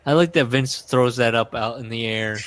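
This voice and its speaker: A man's voice: medium pitch, moderate pace, fairly bright tone. A man co-hosting a casual podcast, reading book passages aloud and rambling through joking asides. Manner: rambling, self-interrupting. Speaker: podcast co-host. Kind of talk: casual book-club chat.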